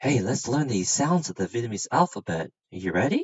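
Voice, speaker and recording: A male teacher giving a children's language lesson, patient and gently amused, drilling sounds to repeat. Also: medium pitch, sing-song, fairly quick, husky, no echo, dull audio.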